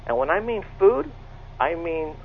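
A man's voice: a little high, sing-song, measured pace. A middle-aged man earnestly telling a personal encounter story, often repeating himself and restarting his sentences. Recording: tinny phone line with faint noise.

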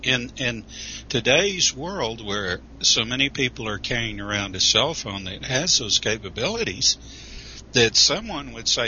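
Very bright-voiced man on a call. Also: medium pitch, sing-song, a little slow. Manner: wry, skeptical, sarcastic asides. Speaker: show guest. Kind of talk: casual talk radio discussion. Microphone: internet call. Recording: lo-fi internet call with faint hiss.

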